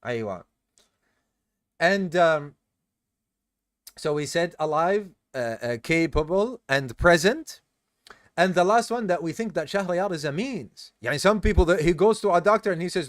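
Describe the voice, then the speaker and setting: A man's voice: high-pitched, animated, a little slow, fairly bright tone, dry recording, clean studio sound. A tired man teaching a religious study class, explaining step by step, quizzing his students and mixing in Arabic terms. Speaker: teacher of an Islamic study course. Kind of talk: classroom lesson. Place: live class session with students.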